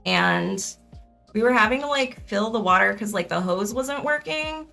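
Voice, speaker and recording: A woman's voice: medium pitch, expressive, moderate pace, gravelly, sharp tone, faint music behind. A young woman streaming a crafting session in casual chat, rambling, correcting herself and laughing often.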